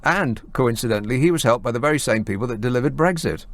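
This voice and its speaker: A man's voice: mid-range voice, animated, fast. A man hosting a late-night phone-in radio show, talking in a sardonic, mocking way.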